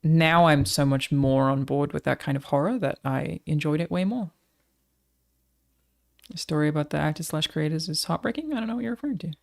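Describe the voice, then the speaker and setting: A woman's voice: deep voice, fairly quick, vocal fry, darkish tone. An Australian woman streamer chatting casually with her live audience, swearing freely as she talks.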